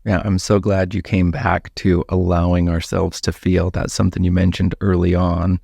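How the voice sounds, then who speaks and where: A man hosting a podcast, asking reflective questions in an unhurried, casual way. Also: sits low, flat delivery, gravelly, mellow, husky, dry recording, studio quality. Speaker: podcast host. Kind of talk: casual interview chat.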